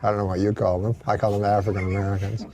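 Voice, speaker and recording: A man telling a joke story on a talk show, dry and halting, with small chuckles and restarts. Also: on the low side, level tone, mellow, a little hiss or hum. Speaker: comedian.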